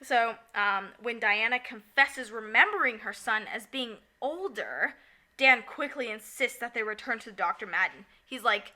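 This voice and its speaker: A woman co-hosting a podcast in casual chat, recapping a musical with lots of giggling and quick acted-out lines. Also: a little high. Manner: giggly, animated, acts out characters in quick asides. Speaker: podcast co-host.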